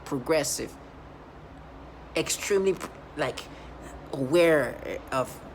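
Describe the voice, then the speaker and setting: A man with an accent talks straight to the camera in a fairly high voice, piling up restarts and repeated words as he builds his point. His story comes out emphatic and rambling. A faint hum of noise sits under his voice. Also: takes it slowly, gravelly. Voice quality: speaks with an accent. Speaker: vlogger describing his workplace experiences. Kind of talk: rambling personal monologue.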